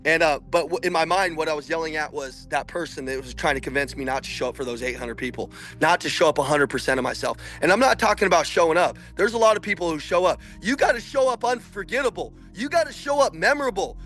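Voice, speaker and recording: A man with a high, ringing voice gives a fired-up motivational talk to salespeople, preaching hard and climbing to shouts. Faint music sits under him. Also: quick pace, few pauses. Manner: intense, preachy, builds to shouting. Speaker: sales coach. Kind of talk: motivational speech.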